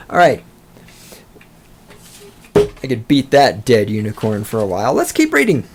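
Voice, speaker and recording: A man's voice: high-pitched, wildly swooping pitch, measured pace, gravelly, long pauses. A man hosting a podcast, ranting with sarcastic, profane, mocking commentary. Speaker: podcast host.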